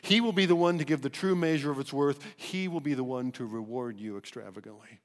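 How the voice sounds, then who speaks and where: A man preaching a sermon as pastor, emphatic and animated, often restarting his phrases. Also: mid-range voice, brisk, long reverb tail. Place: church sanctuary.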